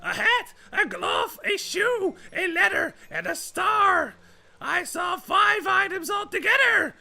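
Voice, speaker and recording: A man voicing a frantic little mushroom man from a video game, shouting his lines in a squeaky, panicky voice. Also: lively intonation, slow pace, gravelly, full character voice. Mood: panicked.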